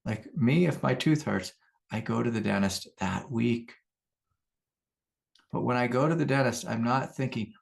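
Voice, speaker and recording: A middle-aged man giving a calm, unhurried spiritual teaching talk as a meditation teacher, repeating his key phrases. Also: medium pitch, creaky.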